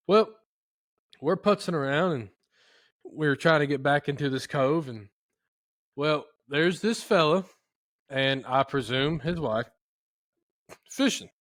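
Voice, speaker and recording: Guy on a podcast rambling thru a fishing story, folksy, kinda high voice, dry sound. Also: no room sound. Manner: rambling, folksy, animated retelling. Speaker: podcast host. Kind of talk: casual storytelling chat.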